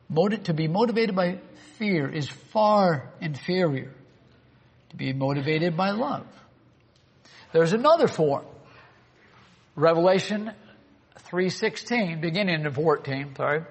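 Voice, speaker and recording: A man preaching a sermon, earnest and full of rhetorical questions to the congregation. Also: sits high. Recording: long hall reverb.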